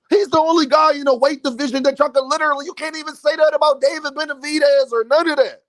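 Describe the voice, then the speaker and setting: A man with a high voice delivers opinionated boxing commentary. He speaks emphatically and addresses his audience directly. The sound is close and dry, with no room around it. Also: no room sound. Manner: emphatic, talks straight to his viewers.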